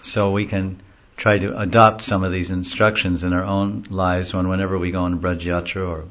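Man with a lowish voice rambling through a devotional class, chatty storytelling, muffled lo-fi audio. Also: level tone, moderate pace, a bit bright. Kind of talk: devotional lecture. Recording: dull lo-fi recording.

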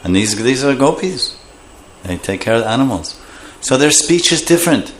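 A man's voice: medium pitch, normal speed, a little hiss or hum. A man giving a scripture class, explaining terms and acting out voices. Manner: animated, acts out voices while explaining terms. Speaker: scripture teacher.

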